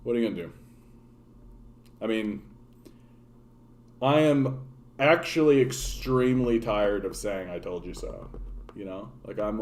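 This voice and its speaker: Canadian man, political streamer, mid-pitched voice, profane sardonic rambling to chat. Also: darkish tone. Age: adult, grown since his younger days. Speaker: political livestream host. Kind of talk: casual rant to live chat.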